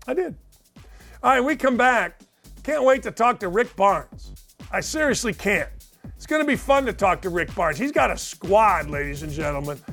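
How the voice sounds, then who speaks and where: High-pitched energetic male sports talk host. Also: moderate pace, gravelly, soft background music. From Indiana. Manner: energetic, emphatic storytelling.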